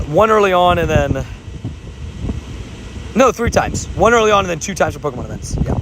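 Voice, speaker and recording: A man's voice: on the high side, creaky, a bit bright, rough recording. A young adult man live-streaming a mobile game outdoors, chatting upbeat and reading viewer comments aloud. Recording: outdoor wind noise on mic.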